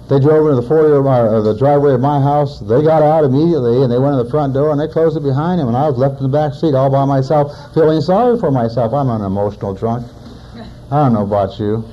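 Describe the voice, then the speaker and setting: A man's voice: medium pitch, fast talker. Man in his forties telling a hard story, lo-fi. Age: 40s. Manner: plainspoken storytelling with wry humor. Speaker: recovering alcoholic speaker. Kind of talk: personal testimony talk.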